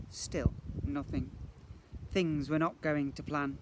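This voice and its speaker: A man, a primary school teacher, reading a children's book aloud in an expressive way. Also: on the high side, slow, noisy background. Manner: animated, expressive storyteller.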